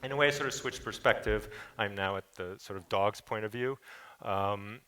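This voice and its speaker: A man's voice: on the low side, normal speed, bright, forceful tone. A middle-aged man, a photographer, telling loose, casual stories in an artist talk on a stage, swearing and acting out quotes. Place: theater stage.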